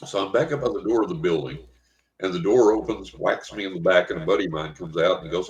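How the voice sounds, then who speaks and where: A man's voice: low voice, fast, poor audio. An older man telling a vivid personal story as a guest in an interview, acting out his own reactions.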